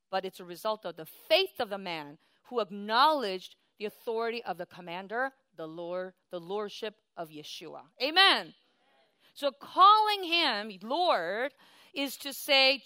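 Woman preacher, sermon, fairly high pitch, crisp voice, emphatic, call-and-response. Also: dry recording. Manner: emphatic, swings from soft to loud, leads call-and-response.

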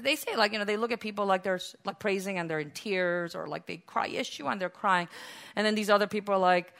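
A woman preaching a sermon, retelling a story softly and then building to loud, impassioned appeals. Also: medium pitch, quick pace.

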